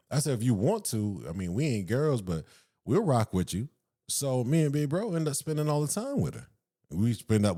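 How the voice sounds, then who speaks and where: Animated Southern man telling a story. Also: lowish voice. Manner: animated, acts out quotes in raised voices, profane, laughs often. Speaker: podcast host. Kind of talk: casual storytelling.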